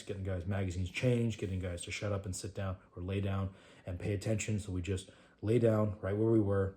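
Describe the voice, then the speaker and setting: Recounting a war story from training to his trainees, a man speaks in a fairly low pitch. He keeps it conversational and animated, at times lowering his voice to a hush.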